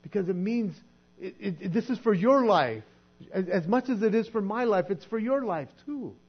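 A man preaching a sermon in a conversational way, sometimes acting out quoted voices and dropping to a soft hush. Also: high-pitched, expressive, moderate pace, husky. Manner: conversational, acts out quoted voices, drops to soft hushed tones. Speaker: pastor. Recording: dull lo-fi sound with mains hum.

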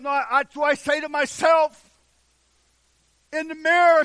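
A man preaching a sermon with fervor, drawing out the scripture he reads and swinging from shouts to hushed passages. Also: extremely high pitch, no room sound. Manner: drawn-out emphatic scripture reading.

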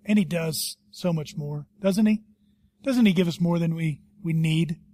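A middle-aged man preaching a sermon as a pastor, telling stories with animation and dropping to a hush for serious points. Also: fairly high pitch, unhurried. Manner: animated storytelling, swings between loud and hushed.

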